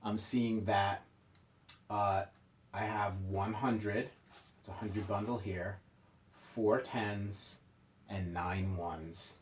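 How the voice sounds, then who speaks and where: A man's voice: lowish voice, fairly even intonation, very slow, pauses often, slight background noise. A male teacher leading a morning meeting lesson for young children, explaining step by step in a patient, friendly, playful way.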